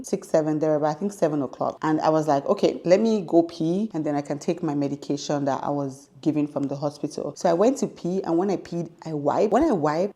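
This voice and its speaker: A young woman from Nigeria telling a personal story straight to her viewers, animated and chatty, calling them guys and laughing as she goes. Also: fairly low pitch. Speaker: vlogger.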